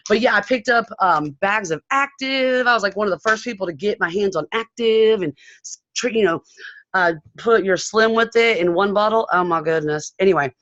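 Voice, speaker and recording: A woman's voice: mid-range voice, moderate pace, fairly bright tone, no room sound. A woman from San Diego sharing a bubbly, rambling recap of a convention on a video call. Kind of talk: excited casual chat on a video call. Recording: dull, dry video call audio.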